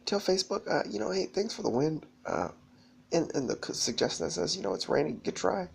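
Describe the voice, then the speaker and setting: A man's voice: on the high side, big pitch swings, brisk, vocal fry, slight background noise. A man rambling through a disjointed, profane monologue to camera, often breaking into laughter.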